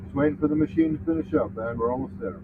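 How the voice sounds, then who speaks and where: Paramedic guy, gravelly and swoopy, far off mic, tinny with noise behind. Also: medium pitch, huge pitch swings, very fast. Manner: soothing, matter-of-fact. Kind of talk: clinical talk. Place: inside a vehicle. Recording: distant, phone-like recording with noise.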